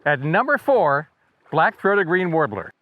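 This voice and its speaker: A man's voice: fairly high pitch, very animated, unhurried, phone-quality sound. A man hosting a casual birding video, talking in a chatty, wry way and mimicking bird songs with his voice. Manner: chatty and wry, imitates birdsong by voice. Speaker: birding guide and video host. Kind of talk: casual educational video narration.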